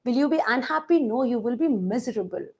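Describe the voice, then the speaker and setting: A woman teaches an online English vocabulary class for exam prep, explaining words with everyday examples and putting questions to the class. Her fairly high voice is expressive and a little mellow, she talks fast, and she mixes in a few Hindi words.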